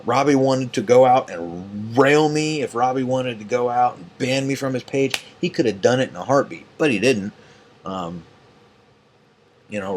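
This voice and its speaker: A man's voice: on the low side, a little hiss or hum. A tired man ranting late at night as an online group admin, angry and profane, rambling with many fillers. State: tired and yawning.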